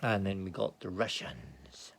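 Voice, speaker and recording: Chatty British man with a gravelly voice. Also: low voice, measured pace, slight background noise. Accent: British English. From Britain. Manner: chatty, excitable, self-mocking, often mutters aside. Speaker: hobby miniature painter vlogger. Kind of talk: rambling casual show-and-tell. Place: home office.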